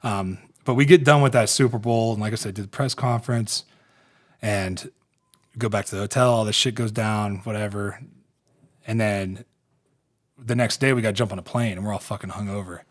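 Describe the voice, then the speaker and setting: A man in his thirties from Ohio, a former pro football player, hosts a podcast where he tells rambling, profane stories about his football career, laughing as he goes. His voice is lowish, with fairly even intonation and a moderate pace.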